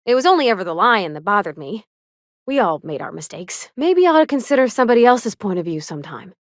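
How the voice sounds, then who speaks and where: A woman's voice: mid-range voice, sing-song, fast talker, no room sound, studio quality, close to an everyday voice. An actress playing a sweet, earnest young woman ship engineer who talks in a folksy, homespun drawl, shy and kindly. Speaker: game companion character. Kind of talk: video game voice acting.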